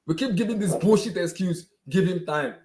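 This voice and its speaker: A man's voice: high voice, expressive, normal speed, darkish tone. Ranting man. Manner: exasperated and ranting, repeats phrases over and over. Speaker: football fan channel host. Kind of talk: angry fan rant to camera.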